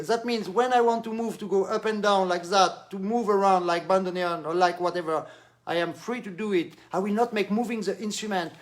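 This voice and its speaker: A man with a French accent giving an animated live-stream accordion lesson, demonstrating as he talks and slipping into French. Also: sits high. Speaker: accordion teacher.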